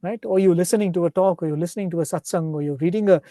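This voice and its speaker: A man giving a devotional talk, retelling stories in an unhurried, explanatory way and often checking in with a questioning "right?". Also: sits high, mellow, no room sound, clean studio sound. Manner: ends points with a questioning "right?". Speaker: spiritual speaker.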